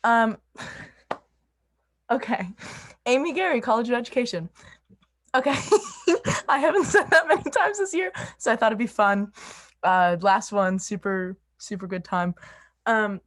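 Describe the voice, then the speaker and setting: A woman's voice: fairly high pitch, a little slow, pauses often, fairly bright tone. A young woman giving an emotional farewell speech on a video call, laughing nervously and fighting back tears. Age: young adult. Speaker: student representative.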